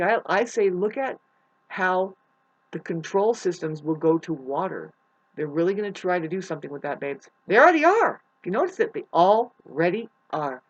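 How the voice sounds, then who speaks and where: A woman vlogging a rambling spiritual monologue, swearing often, restarting her sentences, and swinging between loud outbursts and hushed asides. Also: low voice, lo-fi sound. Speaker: astrology vlogger.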